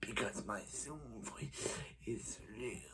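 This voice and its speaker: A man doing a raspy whispering villain. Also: medium pitch, sharp tone. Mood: menacing. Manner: breathy whisper, slow and eerie.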